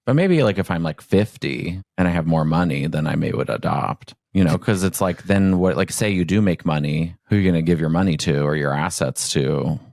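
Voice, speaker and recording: A man's voice: low-pitched, lively intonation, fairly quick, vocal fry, hardly any pauses, darkish tone, no room sound, studio quality. A man hosting a podcast in casual chat. He rambles in a chatty way, full of "like" and "you know". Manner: rambling, chatty, filler-heavy. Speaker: podcast host.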